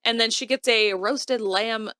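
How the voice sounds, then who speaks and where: A woman with a bright, fairly high voice recaps a TV episode in a casual chat, jumping into little impressions of the characters as she goes. The sound is close and dry, with no room behind her. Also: measured pace, no room sound. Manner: animated retelling, acting out quotes in varied voices. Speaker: podcast co-host recapping a TV episode.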